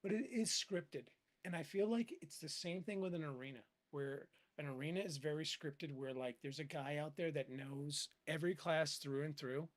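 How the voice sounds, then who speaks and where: Streamer guy, high voice, rambly and sweary, lots of "like" and "dude". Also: normal speed, few pauses. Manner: rambling, animated, heavy swearing and filler words. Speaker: gaming streamer. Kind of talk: casual profane gaming chat.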